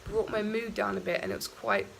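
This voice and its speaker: A young woman talking candidly in a casual travel vlog, in a croaky morning voice, rambling with fillers. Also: mid-range voice, fairly even intonation, a little fast, slight background noise, rough recording. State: out of breath from walking uphill. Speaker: travel vlogger. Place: outdoors walking on a hilly island road.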